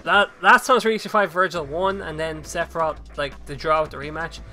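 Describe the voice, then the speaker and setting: A man's voice: on the high side, steady tone, quick pace, pushed and bright, faint music behind. A man hosting a casual podcast chat, rambling with fillers and laughing often. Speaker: podcast host.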